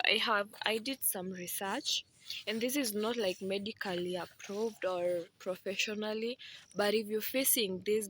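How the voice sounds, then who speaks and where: Woman, casual vlog talk, animated and chatty, bright voice. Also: mid-range voice, slight background noise. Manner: chatty and animated, with playful asides and laughs. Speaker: vlogger.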